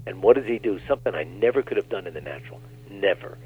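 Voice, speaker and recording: Husky-voiced man on a tinny phone line. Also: deep voice, fast talker. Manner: animated storyteller, acts out quotes. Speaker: guest minister. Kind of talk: storytelling on a talk show.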